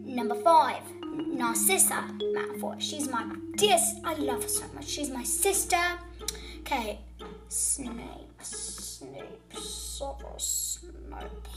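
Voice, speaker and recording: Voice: sits high, lively intonation, takes it slowly, full character voice. A child playing a boastful, scatterbrained female witch villain in a fan role-play video, with music behind. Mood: gleeful. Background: background music.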